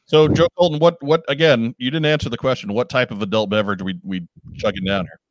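A man's voice: mid-range voice, fast, dry recording. A man hosting a casual live video chat show, joking and often restarting his sentences. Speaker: host.

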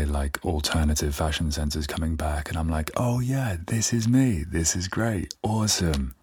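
Very deep husky podcast host. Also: male voice, a little mellow, no echo, studio quality. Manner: rambling, self-deprecating, candid. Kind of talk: casual solo podcast chat.

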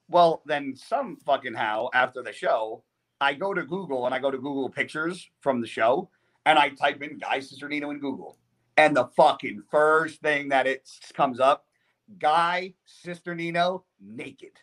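A man, a bodybuilder guest on a podcast, telling a story in a casual, profane, animated way. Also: on the high side, normal speed.

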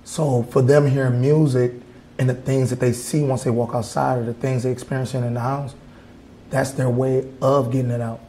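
A man's voice: medium pitch, little pitch movement, moderate pace, mellow, reverberant, a little hiss or hum, poor audio. A male artist from Wisconsin talking in a casual interview in an art gallery, blunt and heated, swearing freely. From Wisconsin, USA. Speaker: artist guest.

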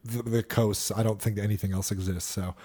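A man's voice: fairly low pitch, steady tone, brisk, mellow, breathy edge. A man co-hosting a podcast in casual chat, laid-back and swearing freely. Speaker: podcast co-host.

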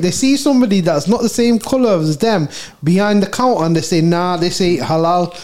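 A man hosting a podcast, talking in loud, sweary, animated rants. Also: sits high, brisk, hardly any pauses. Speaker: podcast host. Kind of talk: casual podcast banter.

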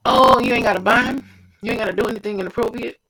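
Casual devotional preacher, rough husky voice, fervent and repetitive, addresses the listener directly. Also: mid-range voice, quick pace, pushed and bright, poor audio. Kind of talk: informal devotional sermon.

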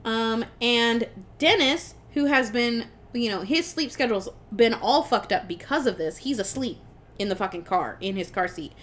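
Speaking at a moderate pace in a slightly high voice, this young woman co-hosting a podcast breezily walks through a film's plot. She's lively, curses liberally, and keeps laughing through the retelling.

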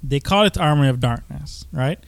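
A man's voice: fairly high pitch, moderate pace, gravelly, no room sound. A man co-hosting a casual movie podcast from a basement, trading jokes and teasing his co-host. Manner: joking, teasing banter.

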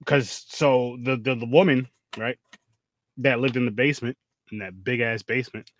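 A man's voice: mid-range voice, steady tone, normal speed. A man in casual, profane conversation about a film, rambling and restarting his sentences. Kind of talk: casual movie review chat.

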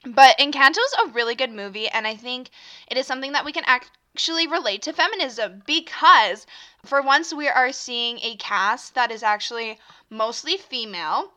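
A slightly high, sharp voice at a moderate pace belongs to a young podcast host. Hiccuping, she rambles casually on her own show, stuffing in fillers and breaking off mid-thought.

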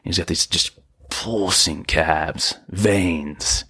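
A young man hosting a podcast, ranting in exasperation and jumping into sudden high-pitched outbursts. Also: drawn-out words, pushed and bright, husky, no room sound, studio quality. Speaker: podcast host. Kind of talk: comedic solo podcast rant. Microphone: podcast microphone.

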